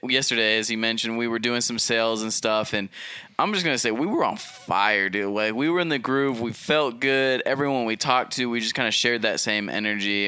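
A young man co-hosting a podcast, telling a story in animated casual chat and laughing often between fillers. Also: mid-range voice, clean tone, dry recording. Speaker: podcast co-host.

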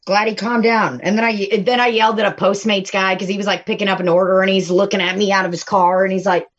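A woman's voice: mid-range voice, steady tone, fast talker, lo-fi sound. A woman chatting casually with friends, telling crude stories from her restaurant job with plenty of laughter and acted-out quotes. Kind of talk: casual chat among friends. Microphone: phone.

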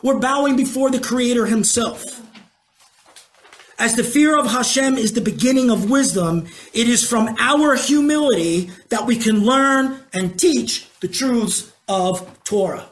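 A preacher with a mid-range voice teaches a sermon conversationally, asking the congregation questions. He moves between slow emphasis and quick asides.

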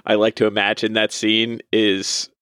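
A man's voice: fairly low pitch, monotone, moderate pace, fairly bright tone, clear, resonant tone, no room sound, clean studio sound. A man co-hosting a podcast, adding playful, imaginative asides in a casual book-club chat. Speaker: podcast co-host.

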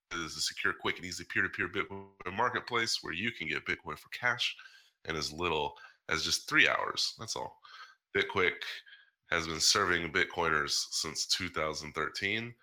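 Low-voiced man reading podcast ads. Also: measured pace, bright, forceful tone. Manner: breezy, joking ad delivery. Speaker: podcast host. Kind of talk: casual chat and ad reads.

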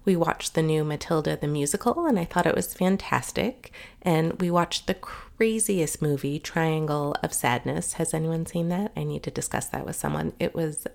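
A woman's voice: sits low, normal speed, gravelly, darkish tone. A middle-aged woman hosting a podcast in a chatty, upbeat monologue, sounding nasal from a cold. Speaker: podcast host.

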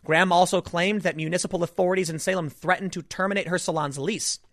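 A man hosting a solo political commentary show, talking in an animated, emphatic way with rhetorical asides. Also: high-pitched, fast, dry recording, clean studio sound.

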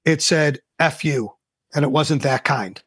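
A man's voice: fairly high pitch, a little slow, slightly rough, no room sound, studio quality. An older man, a guest entrepreneur, telling a personal story in a casual interview and acting out the dialogue. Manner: animated, acts out quoted dialogue.

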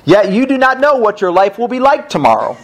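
Animated male pastor preaching. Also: high voice, a little fast. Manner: emphatic preaching with rhetorical questions and casual asides. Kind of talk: sermon. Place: church service.

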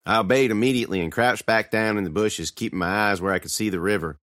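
A man's voice: on the low side, quick pace, a bit bright, no room sound, clean studio sound. A man giving a dramatic first-person reading of a scripted horror tale. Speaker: storyteller.

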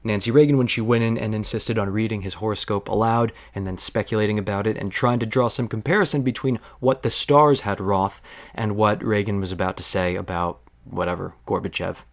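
A man's voice: on the low side, steady tone, brisk, gravelly. A man hosting a podcast, telling a workplace story in a rambling, digressive way with wry asides. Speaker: podcast host. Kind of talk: storytelling monologue.

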